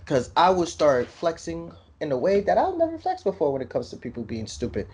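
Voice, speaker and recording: A man's voice: a little high, brisk. A man who has worked at a hotel, talking in an exclamatory way in casual chat. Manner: lively, exclamatory storytelling.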